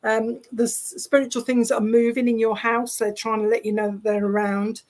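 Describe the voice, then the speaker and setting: A woman working as a spiritualist medium, relaying spirit messages over a video call in a chatty, halting, reassuring way. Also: a little high, little pitch movement, darkish tone.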